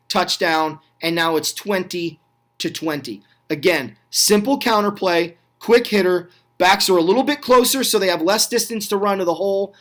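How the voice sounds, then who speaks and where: High-voiced man narrating football clips. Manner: excited, chatty, asks the viewer questions, with small slips and self-corrections. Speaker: host of a retro football review channel. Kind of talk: casual play-by-play voice-over on game clips.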